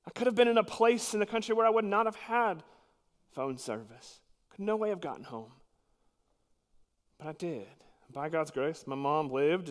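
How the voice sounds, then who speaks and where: A man preaching a sermon as pastor, earnest and emphatic, dropping suddenly to quiet at times. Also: high-pitched, long reverb tail.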